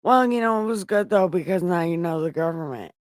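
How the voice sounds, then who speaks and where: A woman's voice: on the low side, lively intonation, brisk, dry recording, studio quality, lightly acted. A woman voicing Eve as a giddy young woman who gushes and giggles. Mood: gushing. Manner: gushing, giggly.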